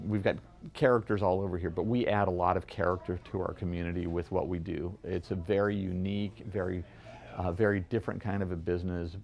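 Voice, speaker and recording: Deep, gravelly middle-aged man. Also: a little mellow. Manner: earnest anecdotal storytelling with frequent word repeats. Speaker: comic shop owner. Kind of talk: documentary interview. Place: his comic shop.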